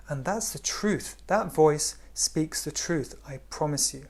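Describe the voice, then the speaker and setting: A man giving a spiritual talk in a gentle, unhurried way, often dropping to a hush. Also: fairly high pitch. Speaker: spiritual teacher.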